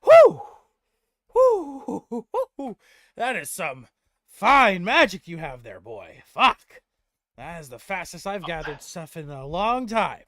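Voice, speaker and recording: A man voicing an excitable male dwarf blacksmith who whoops and exclaims boisterously in a tabletop game. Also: high-pitched, unhurried, no room sound, voice pushed up, full character voice. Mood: ecstatic.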